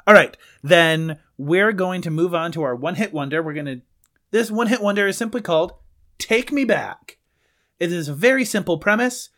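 A man's voice: high voice, moderate pace, fairly bright tone. A man hosting a comedy podcast, leading bits in casual, upbeat banter. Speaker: podcast host.

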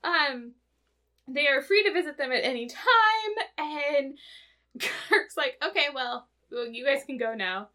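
An American woman recaps an episode in a high, very lively voice. Her tone is bright. She giggles often and acts out the characters' quotes. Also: measured pace. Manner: giggly, retells scenes with acted-out quotes. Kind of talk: casual chat recapping a TV episode.

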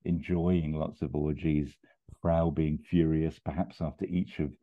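A man casually pitching a comedy plot, rambling and chuckling with quick put-on voices. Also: level tone. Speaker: podcast host pitching a film plot. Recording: tinny phone-like line.

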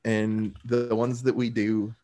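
A man's voice: on the low side, level tone, measured pace, a loud crowd. A man co-hosting a podcast in casual chat, teasing playfully and laughing as he talks. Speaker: podcast co-host.

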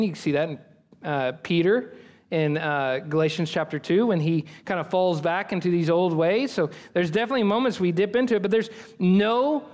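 A man preaching a sermon as pastor, earnest and emphatic, building on repeated phrases. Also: sits high.

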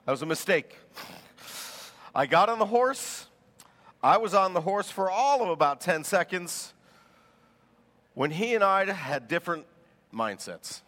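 A man preaching a sermon as pastor, telling stories in an animated way and laughing as he goes. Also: high voice, unhurried, long pauses, long reverb tail.

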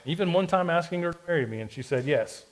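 A man's voice: fairly high pitch, animated, quick pace, rough recording. A man in his forties telling a self-deprecating personal story in a sermon-style podcast, with a Southern US accent. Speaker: pastor.

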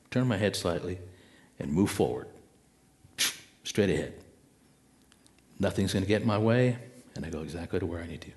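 A man giving a spiritual talk to an audience, reflective and unhurried, with dramatic pauses and acted-out inner voices. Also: deep voice, darkish tone. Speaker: speaker.

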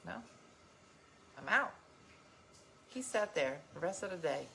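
A woman vlogger chatting casually to her viewers and reading their comments, telling stories with emphatic, animated delivery. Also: fairly low pitch, slow, creaky, a little hiss or hum.

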